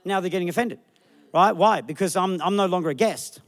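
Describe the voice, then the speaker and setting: Brief: energetic male pastor, quick delivery, slightly high voice. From Australia. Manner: animated, acts out people in the crowd with funny voices. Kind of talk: sermon.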